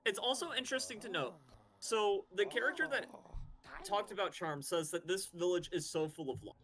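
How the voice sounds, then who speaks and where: A young man chatting casually as a guest on a gaming stream, animated and jokey. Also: high-pitched, normal speed, low-quality recording.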